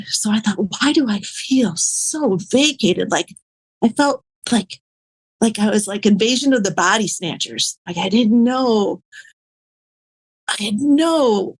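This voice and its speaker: A woman guest on a podcast tells her own story candidly. Her voice is breathy and sits in a middle pitch. She wanders through her thoughts, with lots of fillers and soft laughter. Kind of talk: personal story in a podcast interview.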